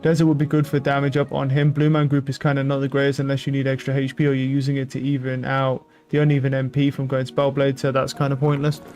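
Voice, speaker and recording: A young man streaming a game, talking loudly and excitably with lots of swearing to his chat and a friend. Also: medium pitch, fast, hardly any pauses. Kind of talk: casual live-stream commentary. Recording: game music loud behind voice. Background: game music.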